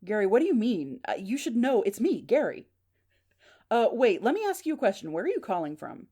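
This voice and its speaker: A woman voicing a hot-headed man on the phone, loud and insistent. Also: fairly high pitch, big pitch swings, a little fast, slightly rough. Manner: loud, pushy, insistent questioning.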